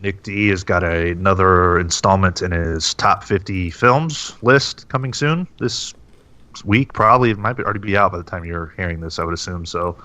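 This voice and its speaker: Male co-host, low voice with a bright edge, eager and profane. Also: moderate pace, dry recording. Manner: enthusiastic, profane, plugs the channel. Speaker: podcast co-host. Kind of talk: casual podcast banter.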